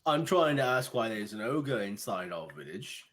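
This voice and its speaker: A man's voice: sing-song, normal speed, over a noisy crowd. A man voicing a stern young town guard who barks questions in a raised, pointed, exasperated voice. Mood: suspicious. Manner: high-pitched, demanding, exasperated.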